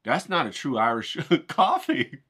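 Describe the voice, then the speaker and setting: A man's voice: mid-range voice, huge pitch swings, a little slow, bright, forceful tone, slightly rough. A middle-aged man vlogging outdoors in a hyped, rambling way, swearing casually and talking straight to his viewers. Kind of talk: casual chatty vlog talk. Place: outdoors, cold day.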